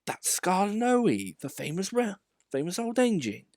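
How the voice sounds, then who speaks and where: A timid young engine who speaks softly and kindly, as a man puts him on. His pitch rises and falls in a dry, close storybook reading. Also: big pitch swings, measured pace, no room sound, full character voice. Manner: soft, apologetic. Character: gentle shy young male engine.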